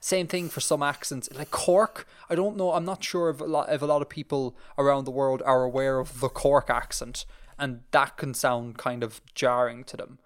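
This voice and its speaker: An Irish man hosts a casual podcast at an ordinary middle pitch. He rambles and circles back with plenty of fillers and self-corrections. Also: fairly even intonation, moderate pace. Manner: rambling, many fillers and restarts. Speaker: podcast host. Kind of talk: casual chat.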